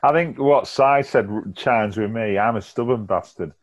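A man's voice: mid-range voice, moderate pace. A middle-aged man speaking frankly and reflectively in casual conversation. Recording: dull lo-fi sound.

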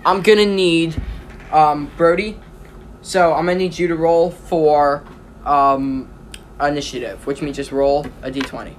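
A game master narrating a tabletop game in a rambling way, with many pauses and restarts. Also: mid-range voice, fairly even intonation, background noise.

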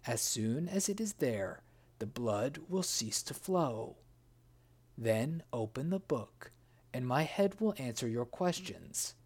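Cast a reader doing a condemned storybook physician, slow and imploring. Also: mid-range voice, big pitch swings, a little mellow, slightly rough, heavily acted. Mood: pleading. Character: innocent male physician pleading for his life.

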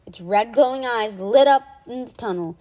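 Expressive woman reading a kids' book. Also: a little high, moderate pace. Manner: expressive, with small stumbles. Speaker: reader. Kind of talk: reading a children's book aloud.

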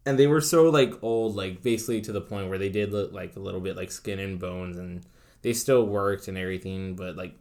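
A man's voice: low voice, fairly quick, a little mellow. A man in his thirties telling a story in a casual chat, swearing freely and laughing as he goes. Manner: profane, laughing through the story.

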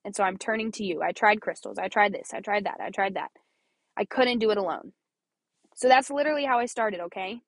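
On a dry recording, a young woman's mid-range voice comes across brisk and creaky. The Missouri-born podcast host shares personal faith talk in an earnest, chatty way, laughing and frequently repeating herself.

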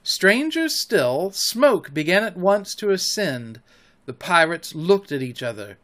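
A man narrating a children's classic in an audiobook, with an expressive storybook reading. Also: high-pitched, slow pace.

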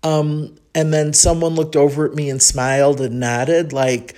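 Her voice is deep and warm, unhurried and with little pitch movement. She's a Chicago-born podcast host with a Chicago accent, musing through a casual, rambling monologue full of ums.

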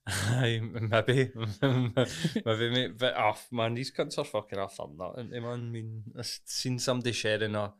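A man's voice: medium pitch, fairly even intonation, normal speed, hardly any pauses. A Glaswegian man co-hosting a podcast, blunt and sweary in casual chat. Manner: blunt, sweary, says "aye, mate" a lot. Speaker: podcast co-host.

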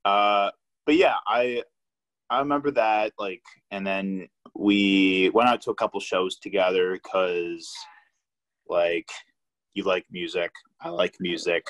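A man's voice: sits low, steady tone, slow pace, a bit bright, low-quality recording. Casual swearing young man hosting a podcast. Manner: laid-back, swears a lot, many fillers. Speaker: podcast host. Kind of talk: casual chat.

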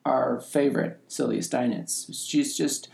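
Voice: medium pitch, measured pace, gravelly, a little mellow. A podcast co-host recapping scenes in casual chat, animatedly acting out the characters' lines. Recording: echoey room.

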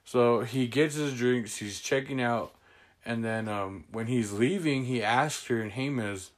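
A man's voice: mid-range voice, measured pace. Rambling young man telling stories. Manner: rambling storyteller, laughs often. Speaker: host. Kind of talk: casual chat.

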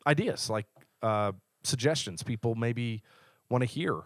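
A man's voice: medium pitch, a little slow, no room sound, studio quality. A man co-hosting a casual podcast as a church leader, chiming in with brief, easygoing remarks.

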